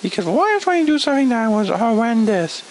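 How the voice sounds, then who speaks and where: A male reviewer tears into a cartoon episode with sarcastic, profane exasperation. His voice sits unusually high and swings wildly up and down. A faint hiss runs underneath. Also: sing-song, quick pace, low-quality recording. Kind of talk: ranting video review.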